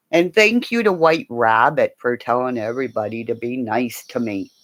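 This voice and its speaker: Chatty older woman, lively and slow. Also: very deep voice, poor audio. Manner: rambling storytelling, swings between loud exclamations and soft whispers to her dog. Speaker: livestreamer. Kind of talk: casual livestream chat.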